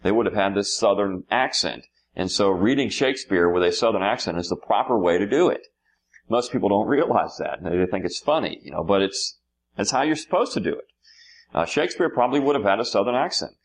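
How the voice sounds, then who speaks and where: A man giving an unscripted history lecture to his students, pausing often with fillers and restarting sentences. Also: on the low side, expressive. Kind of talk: classroom lecture.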